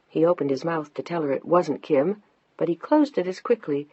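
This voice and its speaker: Woman audiobook narrator, very low and husky, steady delivery. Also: moderate pace, no echo, dull audio. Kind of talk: scripted narration.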